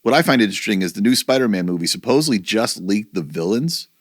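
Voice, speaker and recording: A man's voice: lowish voice, expressive, quick pace, no echo, studio quality. A middle-aged man co-hosting a podcast in casual chat, talking in a chatty, meandering way and correcting himself as he goes. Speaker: podcast co-host.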